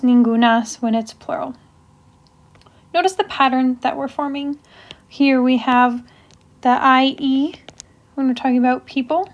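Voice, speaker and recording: Young woman teacher w a high voice, walks thru grammar w lots of examples and ums. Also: a little mellow, muffled recording. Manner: explains step by step with example sentences and frequent fillers. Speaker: language teacher. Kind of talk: casual classroom lecture.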